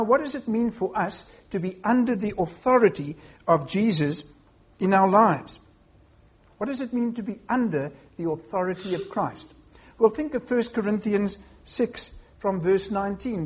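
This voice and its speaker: A preacher giving a sermon to a congregation in a measured way, posing rhetorical questions. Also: medium pitch, animated, slightly rough.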